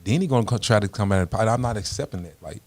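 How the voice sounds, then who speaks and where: Gravelly low-voiced man, blunt. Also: expressive, quick pace, a little mellow, no room sound. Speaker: guest suing the police. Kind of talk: radio talk show conversation.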